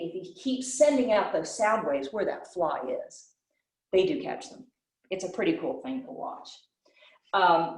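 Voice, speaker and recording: A woman's voice: mid-range voice, a little mellow. A woman presents a nature lesson for children, her voice swinging up and down as she asks and answers her own questions. She is heard from a distance, and the room gives her voice a noticeable echo. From Western North Carolina. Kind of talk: teaching children. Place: library room.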